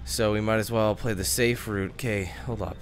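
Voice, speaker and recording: A man's voice: on the low side, steady tone, soft background music. A young man giving chatty, cursing commentary over his gameplay. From Canada. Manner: chatty, quick to curse and rant. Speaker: let's play gamer.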